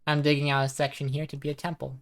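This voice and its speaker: A woman streaming a game live, chatting casually and softly, reading chat messages aloud at a desk microphone. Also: low voice, level tone, fast. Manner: chatty, soft-spoken, reads chat aloud.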